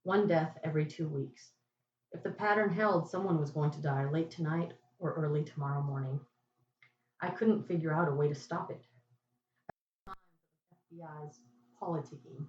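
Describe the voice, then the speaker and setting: Low-voiced woman reading a detective story. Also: normal speed, long pauses, a little mellow, a little hiss or hum. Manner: dry, wry narration with asides. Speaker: podcast host and reader. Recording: echoey, distant, muffled home recording.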